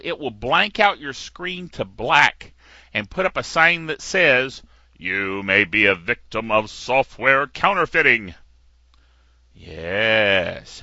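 A middle-aged man hosts a casual tech news show, rambling through digressions and laughing at his own asides. His slightly gravelly voice is very bright and swings lively up and down. The recording is dry and a bit dull. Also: mid-range voice, dry recording. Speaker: tech podcast host.

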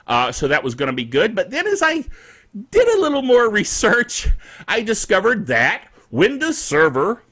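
Animated high-voiced tech host, man. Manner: playful, laughs often, jokey asides. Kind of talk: casual tech news chat.

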